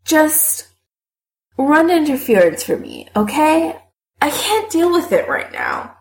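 A woman's voice: high-pitched, huge pitch swings, slow pace, vocal fry, a little hiss or hum, voice pushed up, full character voice. A woman reading an audiobook voices a miserable young man who speaks in a terse, subdued way. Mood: upset. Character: glum, weary young man, miserable and blunt. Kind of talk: audiobook character voice.

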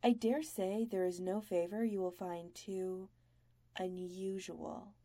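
A woman's voice: mid-range voice, flat delivery, takes it slowly, mellow, dry recording, close to an everyday voice. A woman voicing a male caravan master who talks in an ingratiating, apologetic way and turns harsh when angry. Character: fawning male caravan master with a nasty temper.

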